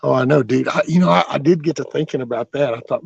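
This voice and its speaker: A man's voice: mid-range voice, fast talker, creaky, hardly any pauses, husky, no echo, highs cut off. A man hosting a livestream, rambling through folksy stories with mild cursing as he answers viewer comments. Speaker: livestream host.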